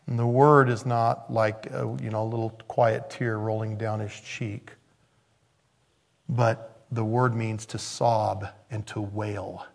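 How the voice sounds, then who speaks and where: A man preaching a sermon as a pastor, in a conversational way that swings between emphatic bursts and hushed, quiet asides. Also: on the low side, little pitch movement, takes it slowly, vocal fry.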